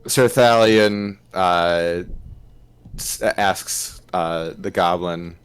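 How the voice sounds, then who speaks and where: A man's voice: low-pitched, extremely slow, clean tone. A man narrating and voicing his character in a tabletop role-play game, with frequent fillers. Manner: hesitant, many fillers. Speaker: player voicing a knight.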